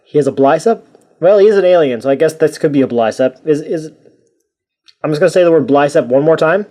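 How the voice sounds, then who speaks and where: A man's voice: fairly high pitch, mellow. Rambling, jokey male toy reviewer. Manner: rambling, jokey and self-mocking.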